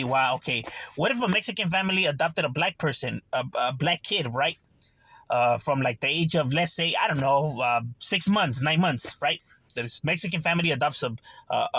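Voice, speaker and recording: A man's voice: a little high, bright, forceful tone, no echo. A man talking casually to his channel, full of slang and "you know" fillers. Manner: streetwise slang, frequent "you know" and "right". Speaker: channel host. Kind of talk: casual monologue to camera.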